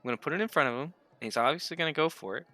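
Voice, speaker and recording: A man's voice: fairly high pitch, racing, pushed and bright. A man playing a tabletop game, talking in a rambling, hesitant way with lots of restarts. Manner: rambling, hesitant, self-correcting. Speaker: player. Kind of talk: casual tabletop play.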